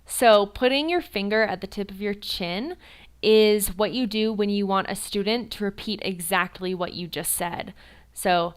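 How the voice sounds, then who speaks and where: A woman's voice: medium pitch, a bit bright, clean tone. A young woman, an online English teacher, giving casual tips in a tutorial. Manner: chatty, demonstrates slow exaggerated teacher speech.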